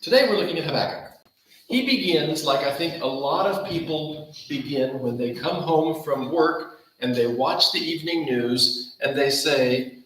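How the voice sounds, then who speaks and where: A man's voice: on the high side, expressive, a little slow, fairly bright tone, heavy reverb, a little hiss or hum, low-quality recording. A man pastor giving a conversational Bible study sermon, acting out quoted dialogue with animation. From Taiwan. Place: church hall.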